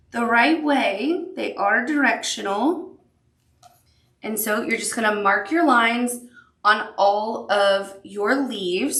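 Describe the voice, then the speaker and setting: A woman's voice: on the high side, fairly bright tone, roomy sound. A woman teaching a sewing machine appliqué tutorial, upbeat and encouraging as she talks the viewer through each step. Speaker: quilting instructor.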